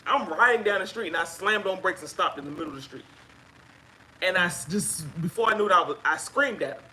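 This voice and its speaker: A woman sharing her own experience as a guest on a live chat, telling it in an emphatic, animated way. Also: fairly low pitch, a little fast, slight background noise, poor audio. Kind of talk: casual live-stream chat.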